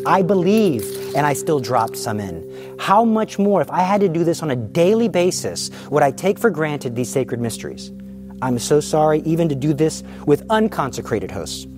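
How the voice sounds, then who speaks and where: Fervent man with a lively, rising voice. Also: on the high side, moderate pace, over music. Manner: fervent, emphatic, rhetorical questions. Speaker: Catholic speaker teaching on the Eucharist. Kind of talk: impassioned teaching demonstration.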